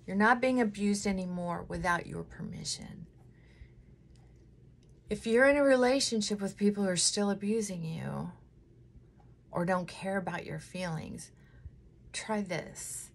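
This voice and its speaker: A middle-aged woman chatting emotionally and candidly while doing her makeup at home, close to tears at times. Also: mid-range voice. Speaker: vlogger.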